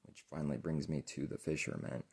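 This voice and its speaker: A man preaching an informal sermon, rambling and earnest, often trailing off quietly. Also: rumbling low, fairly even intonation, a little fast, slightly rough.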